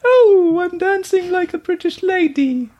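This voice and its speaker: A woman's voice: very high voice, lively intonation, measured pace, dark tone, voice pushed up. A fluttery old British lady. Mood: swooning. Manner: gasping, swooning exclamations.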